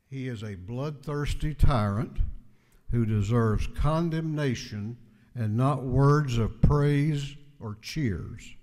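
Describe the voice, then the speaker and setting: Slow, deliberate man in echoing chamber. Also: mid-range voice, mellow. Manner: measured, deliberate oratory with emphatic repetition. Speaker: house speaker presenting a resolution. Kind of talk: formal floor speech. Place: large legislative chamber. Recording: long hall reverb in a chamber.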